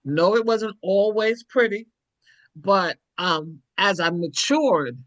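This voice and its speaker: A woman's voice: medium pitch, lively intonation, takes it slowly, no room sound, muffled recording. A woman in her sixties giving a heartfelt personal testimony as a guest on a church panel, in a reflective, storytelling way.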